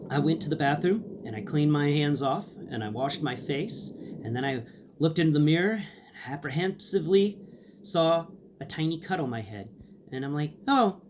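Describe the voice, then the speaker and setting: A man's voice: on the high side, a little hiss or hum. A young man casually telling a dramatic personal story, acting out what people said. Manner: animated, dramatic, acts out dialogue. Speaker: host, storyteller.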